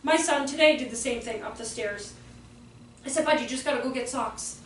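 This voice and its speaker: This is a high-pitched woman talking a little fast, with slight background noise. She's presenting a live workshop to teachers in a room with an audience, chatting through stories and imitating voices for quotes; the echoey room and distant mic add faint ambience.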